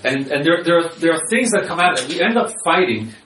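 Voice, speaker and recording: A man's voice: a little high, expressive, fast, a bit bright, slight background noise. A man who works as a marriage counselor gives an informal lecture with slides and repeats his key points. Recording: echoey room, voice from far off.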